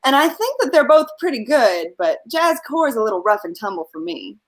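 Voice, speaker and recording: A woman with a high, sing-song voice hosts a comedy show over a video call. She giggles often and keeps things upbeat, joking to fill the gaps. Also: sing-song, fairly quick, rough recording. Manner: giggly, upbeat, filling time with jokes. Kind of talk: casual hosting on a video call.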